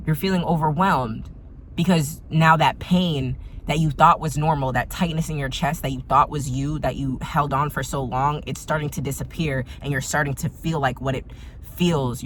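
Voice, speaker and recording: A tarot reader delivers a casual spiritual reading, talking straight to the viewer with emphatic, repetitive phrasing. The voice sits in a middling register, and a faint hiss runs under it indoors. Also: medium pitch.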